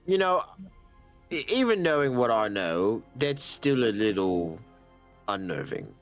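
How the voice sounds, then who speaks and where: Man, tabletop player, joking, very lively pitch, faint music. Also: a little slow. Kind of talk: casual tabletop play.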